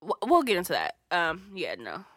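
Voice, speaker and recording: A woman's voice: lowish voice, wildly swooping pitch, moderate pace, a bit bright, no room sound, clean studio sound. A woman co-hosting a podcast, talking in a blunt, profane, casual ranting way, full of "like". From United States. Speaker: podcast co-host. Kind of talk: casual chat.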